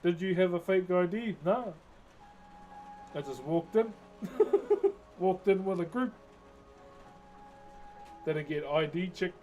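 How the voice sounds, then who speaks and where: A man's voice: high voice, measured pace, long pauses, darkish tone, highs cut off, soft background music. Laid-back New man streaming. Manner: laid-back, jokey storytelling with frequent laughs. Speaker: live streamer. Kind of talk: casual chat with live chat.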